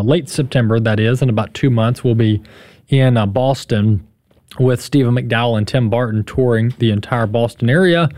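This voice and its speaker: Brief: male radio host, mid-pitched, chatty and emphatic commentary. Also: darkish tone, no room sound, clean studio sound. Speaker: radio talk show host.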